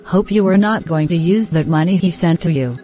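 A woman's voice: on the low side, brisk, mellow, soft background music, close to an everyday voice. A woman voicing an earnest, hopeful wife. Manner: reassuring, earnest.

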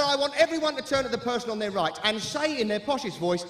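A man's voice: high voice, very animated, normal speed, fairly bright tone, a little hiss or hum. A man performing a brash compere's music-hall patter on stage. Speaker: stage actor playing a club compere. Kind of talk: live stage comedy performance.

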